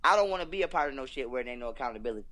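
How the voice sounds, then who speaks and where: A man's voice: mid-range voice, expressive, very fast, bright, forceful tone. A young man, talking in an emphatic, profane, preachy rant as a podcast guest. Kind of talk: heated casual conversation.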